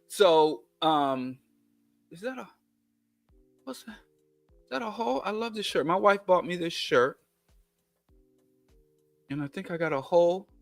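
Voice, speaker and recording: A man's voice: high-pitched, lively intonation, a little slow, vocal fry, pauses often, no echo, faint music behind. A man with a Kansas City twang hosting a political commentary monologue, digressive with emphatic lists and chatty asides. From Kansas City, USA. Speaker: show host.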